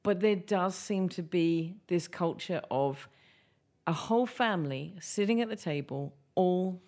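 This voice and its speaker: A woman hosting a podcast interview, teasing her guest and firing quick questions. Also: fairly low pitch, darkish tone. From United Kingdom. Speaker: podcast host. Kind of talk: casual interview.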